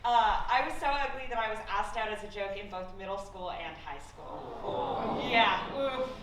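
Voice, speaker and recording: Young woman stand-up, deadpan and self-deprecating, heard far off in an echoey room. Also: mid-range voice, normal speed, very noisy. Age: young adult. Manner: deadpan, self-mocking delivery with swearing. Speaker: stand-up comedian. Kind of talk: stand-up set. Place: stage at a college comedy showcase.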